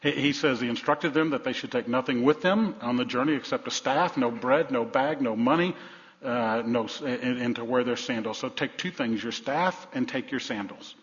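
A man preaching a sermon as pastor, repeating phrases for emphasis and dropping from loud to hushed. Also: medium pitch, normal speed. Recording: reverberant hall, dull sound.

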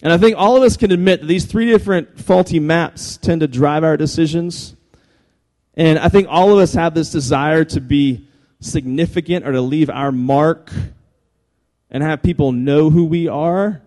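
With a fairly high voice and a moderate pace, a man addresses a live crowd in a lively, humorous way. Jokes and repeated phrases fill his talk, and he repeatedly asks the audience to pay attention.

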